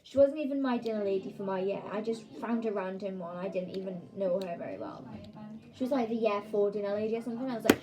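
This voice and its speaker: A woman's voice: medium pitch, fast talker, noisy background. Chatty woman telling a story. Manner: chatty, lots of "like" fillers. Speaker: vlogger. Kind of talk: casual story time.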